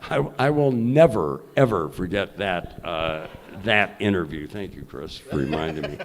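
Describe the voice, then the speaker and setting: Low-voiced older man spinning salty anecdotes. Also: normal speed. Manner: lively raconteur, salty language. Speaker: honored guest, journalist. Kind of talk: live anecdotal storytelling on stage. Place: event hall before an audience.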